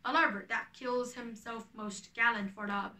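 Woman reading orderly male play director, calling out parts, slightly high voice, roomy echo. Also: steady tone, normal speed, sharp tone, distant mic. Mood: bossy. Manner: orderly, reads out names and parts. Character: fussy male carpenter directing a village play. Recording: echoey room, away from the mic.

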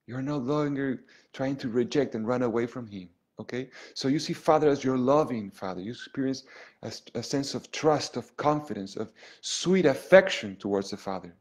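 A priest with a mid-range voice teaches an earnest spiritual lesson to an online group, animated and at a moderate pace. He frequently restarts phrases, checks in with "okay?", and swings between loud emphasis and soft, hushed lines.

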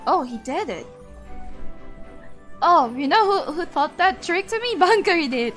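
A young woman livestreaming a game, her voice very high and bright as she chats with viewers. She talks at an unhurried pace but gets excitable and loud when the game surprises her, laughing often. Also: faint music behind. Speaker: streamer. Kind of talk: casual gaming livestream chat.

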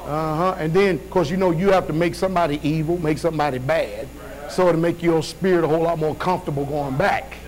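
A man's voice: sits high, rough recording. A male preacher giving a fervent sermon, reading scripture with rhythmic call-and-response asides.

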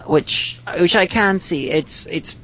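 A woman's voice: takes it slowly, fairly bright tone. A woman from Northern Ireland with a Northern Irish accent, co-hosting a podcast in casual chat, rambling with frequent restarts and dry humor. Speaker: podcast co-host. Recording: slightly dull lo-fi audio with faint rumble.

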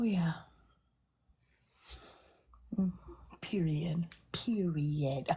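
A woman's voice: sits low, mellow. A woman livestreaming to her viewers, overwhelmed and gasping out exclamations, often dropping to a whisper. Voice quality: very breathy, husky voice. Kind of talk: live stream chat with viewers.

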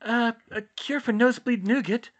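A man's voice: very high voice, normal speed, lo-fi sound, pitched above the performer's own voice. A man voicing a shaken teenage girl in an audiobook, speaking absently and matter-of-factly. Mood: dazed. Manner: absent, flat, matter-of-fact. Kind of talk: audiobook character voice.

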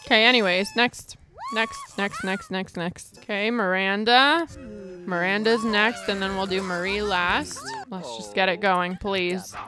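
A woman's voice: mid-range voice, steady tone, measured pace, background noise. A young woman giving dramatic, exasperated casual commentary while playing a life-sim game. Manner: dramatic, exasperated, mild cursing. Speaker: gaming streamer.

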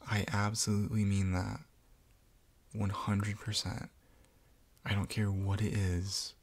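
A man in a whispered role-play, speaking gently and reassuringly as a supportive roommate. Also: fairly low pitch, level tone, slow, no room sound. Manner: gentle, reassuring, soft-spoken. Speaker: ASMR roleplayer.

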